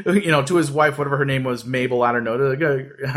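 A man's voice: medium pitch, fast talker, a bit bright. A man hosting a casual podcast, telling a story in a rambling, joking way with lots of fillers and restarts. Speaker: podcast host.

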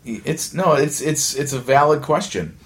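A man hosting a podcast, telling an animated, rambling story in casual chat, full of restarts and asides. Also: fairly high pitch, measured pace. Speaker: podcast host.

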